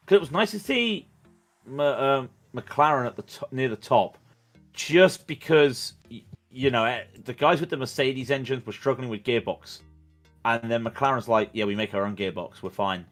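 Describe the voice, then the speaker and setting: A man's voice: mid-range voice, lively intonation, normal speed, faint music behind. A man commentating on a sim race in casual chat, rambling and joking with plenty of stammered restarts.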